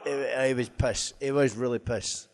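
A man's voice: medium pitch, steady tone, unhurried. A man, a former footballer telling laughing, swearing anecdotes at a live stage Q&A.

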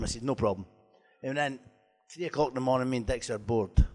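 A man's voice: mid-range voice, quick pace, a little mellow. A man, a former footballer telling laughing, swearing anecdotes at a live stage Q&A.

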